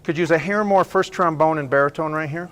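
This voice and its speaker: Brisk man directing a band rehearsal. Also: on the high side, fairly bright tone, clean tone. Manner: brisk and encouraging, counts off and sings phrases to demonstrate. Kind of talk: ensemble rehearsal instruction. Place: school band rehearsal room.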